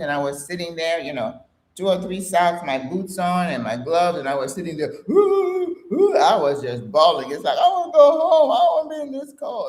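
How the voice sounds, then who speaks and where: Chatty older woman, roomy sound. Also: deep voice. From Caribbean. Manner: warm, chatty, encouraging. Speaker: fitness instructor and channel host. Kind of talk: live workout class and chat. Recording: roomy echo.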